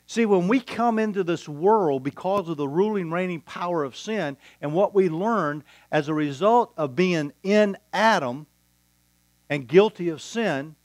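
A man preaching a sermon as a pastor, telling a story with quoted dialogue and deliberate pauses. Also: sits high, darkish tone, dry recording.

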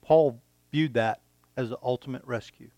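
A man preaching a sermon, reading scripture aloud and pausing for effect between phrases. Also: mid-range voice, warm tone, no echo. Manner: slow, deliberate preaching with dramatic pauses, reading scripture aloud. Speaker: pastor.

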